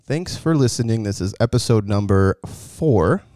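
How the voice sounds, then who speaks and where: A man's voice: lowish voice, animated, normal speed, warm tone, dry recording. Young male podcast co-host, loose and jokey, dry close mic. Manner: joking, laughs often, tries impressions. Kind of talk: casual chat.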